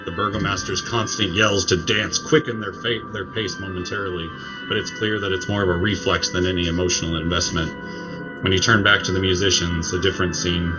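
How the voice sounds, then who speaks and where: A man with a low, deep voice narrates a tabletop game as its game master. He tells the scene in a measured way with "uh" fillers, over a dull, lo-fi sound with clear music playing behind him. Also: steady tone.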